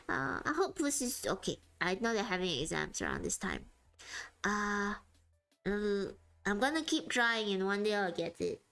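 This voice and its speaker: Giggly woman streamer, fairly high voice. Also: a bit bright. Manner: giggly and chatty, often laughing mid-sentence. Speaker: streamer drawing live. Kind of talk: casual livestream chat.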